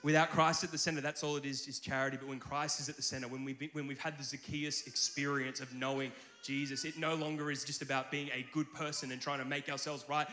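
Bright-toned preacher in an echoey hall. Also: male voice, mid-range voice. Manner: conversational, animated storytelling with filler restarts. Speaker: pastor. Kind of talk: sermon.

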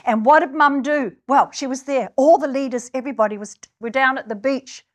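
Earnest woman preacher, fairly high voice. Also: fairly quick. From New Zealand. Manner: earnest, rises to emphatic exclamations. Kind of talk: sermon.

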